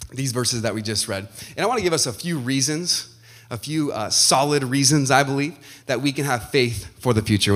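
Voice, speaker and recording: A man preaching a sermon, fervent and shifting between loud declarations and hushed asides. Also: medium pitch. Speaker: pastor.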